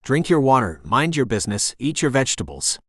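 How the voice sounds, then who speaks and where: A man voicing a laid-back, muscular young man who talks in a relaxed, wry, teasing way. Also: medium pitch, fairly quick, no echo, studio quality.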